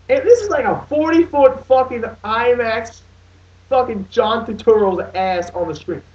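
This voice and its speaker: A man's voice: very high voice, darkish tone. A young man in his late teens ranting in a casual movie review, swearing often and restarting his sentences. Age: young adult. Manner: profane, exasperated, rambling with many restarts. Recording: dull lo-fi sound, distant from mic.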